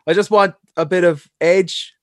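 A young man, a wrestling journalist, chatting as a podcast guest and giving blunt opinions with a quick laugh. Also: high voice, fairly even intonation, no echo, studio quality. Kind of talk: casual chat.

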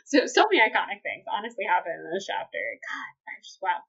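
A woman, co-hosting a casual book-club podcast, gushing and excitable as she recaps chapters. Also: mid-range voice, quick pace, breathy edge. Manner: excitable, gushing, breaks into laughter. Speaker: podcast co-host. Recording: slightly dull lo-fi audio.

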